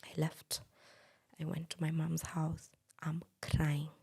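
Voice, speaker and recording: Hushed, gravelly Kenyan woman. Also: low-pitched, monotone, slow pace. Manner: hushed, breathy recounting. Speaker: podcast co-host. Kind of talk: personal storytelling.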